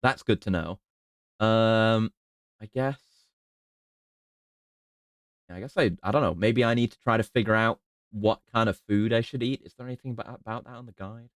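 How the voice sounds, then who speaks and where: A man streaming a video game, thinking aloud in casual, halting commentary. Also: on the low side, dry recording, clean studio sound.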